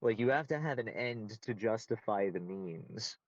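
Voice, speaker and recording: A man's voice: fairly low pitch, animated, unhurried, dry recording, dull audio. A man answering interview questions in casual conversation, candid, blunt and self-assured.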